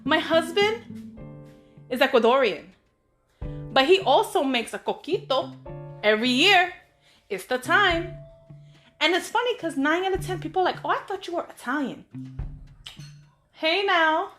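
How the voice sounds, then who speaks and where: A woman hosting her own show, telling personal stories in a chatty, animated way with playful asides to her listeners. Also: very high voice, unhurried, pauses often, soft background music. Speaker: podcast host. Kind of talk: casual storytelling monologue.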